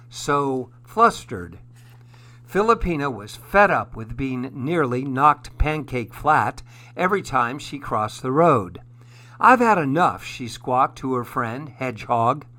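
A man narrating a children's story in a gentle, expressive way. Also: medium pitch.

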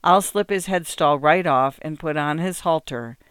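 A man's voice: on the high side, moderate pace, a bit bright, smooth, dry recording, studio quality, close to an everyday voice. A man voicing a kindly, cheerful farmer father who talks in plain, homely country speech.

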